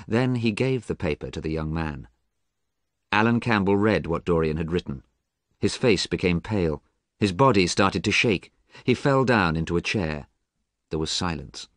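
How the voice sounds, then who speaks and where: A man reading a story aloud clearly and expressively for English learners. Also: sits low, expressive, moderate pace, dry recording, studio quality.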